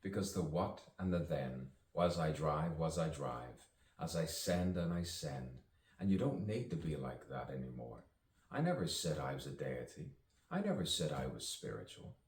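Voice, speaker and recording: A man with a bass voice improvises spoken-word poetry in a sing-song, slightly mellow way at a moderate pace, musing playfully and chuckling between lines. He is an actor and poet, recorded from a distance with a roomy sound and slight background noise.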